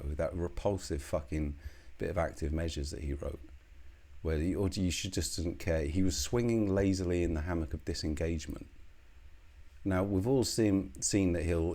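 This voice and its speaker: Low-voiced brit guy ranting, sneering and sweary, solo commentary. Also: mellow. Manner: scornful, heated, swears often. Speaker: political commentator.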